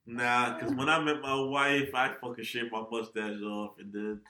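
Bright, lively man in an echoey room. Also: medium pitch, moderate pace. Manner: animated, laughs often, swears freely. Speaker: podcast co-host. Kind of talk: casual chat.

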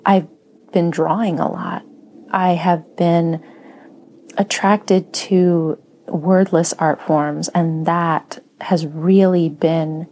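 A woman who writes and teaches writing, speaking slowly in a soft, reflective personal monologue with frequent pauses. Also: lowish voice, fairly even intonation, a little hiss or hum. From Spanish-speaking home. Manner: slow, soft-spoken, pausing often.

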